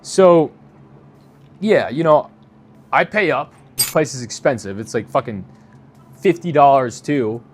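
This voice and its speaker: A man's voice: medium pitch, expressive, unhurried, pauses often. A young man telling a story in a casual, profane, exasperated way, as a vlogger.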